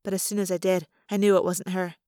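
A woman reading a first-person novel aloud with steady, expressive storytelling. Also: on the low side, fast talker, no echo, clean studio sound. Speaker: audiobook reader.

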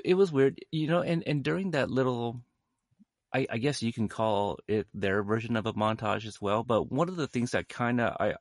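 Low-voiced man chatting about films. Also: no echo, studio quality. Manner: halting, many fillers and restarts. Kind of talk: casual film discussion.

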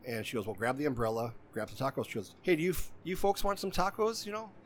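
A man's voice: mid-range voice, very animated, fast talker, a little hiss or hum. A man in casual chat, telling a long story in a rambling way and often stopping to quote what other people said. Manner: rambling, repeats "she goes" while quoting others.

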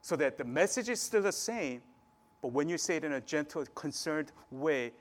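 Preacher, male, relaxed talk-style sermon, fairly high-pitched, casual pulpit delivery. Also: normal speed. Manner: conversational preaching, frequent "right?" tags.

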